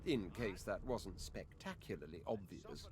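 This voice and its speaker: A man's voice: low voice, sing-song, unhurried, a crowd in the background. An actor playing a haughty, aristocratic male lizard prince in a video game, speaking in a pompous, drawling, condescending way.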